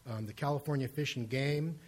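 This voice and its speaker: An older male scientist gives quick, businesslike testimony at a public hearing. He talks in short bursts scattered with ums and uhs, keeping his remarks brief. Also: mid-range voice, slightly rough. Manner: brisk, with many fillers. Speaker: university raptor researcher.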